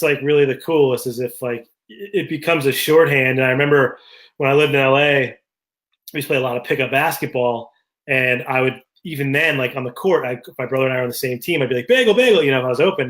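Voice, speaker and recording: Fast-talking and a little bright in tone, this medium-pitched man co-hosts a relaxed podcast. His easygoing casual chat centers on personal anecdotes.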